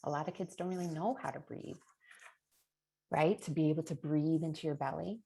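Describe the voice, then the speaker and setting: A woman's voice: sits low, steady tone, brisk, vocal fry, dark tone. A middle-aged woman presenting a parenting webinar in a chatty way, often adding a rhetorical "right?" and little laughs. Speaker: early childhood presenter.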